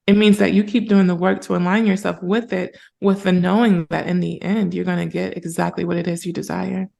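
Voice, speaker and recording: A spiritual mentor appearing as a podcast guest chats casually, earnest and animated as she retells moments. Her voice is fairly low, gravelly, and fairly quick.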